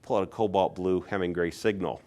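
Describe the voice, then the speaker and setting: A man in his sixties from Pennsylvania recounts his collecting days in a relaxed, conversational way. His voice sits a little low, and he gets animated whenever he acts out what other people said. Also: brisk. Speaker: insulator collector. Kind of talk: casual storytelling.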